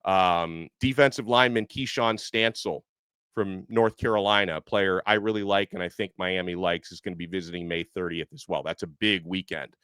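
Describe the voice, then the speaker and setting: A man hosting a casual sports podcast, talking in a chatty, animated way with plenty of fillers. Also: deep voice, moderate pace, smooth, no echo. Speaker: podcast host. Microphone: headset earpiece.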